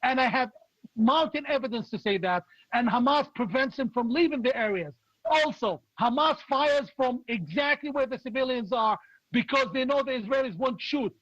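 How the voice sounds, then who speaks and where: A man, a political opposition leader, speaking in forceful, indignant commentary and repeating his key points. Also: extremely high pitch, animated, normal speed, no echo, lo-fi sound. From Palestinian, raised in Jordan.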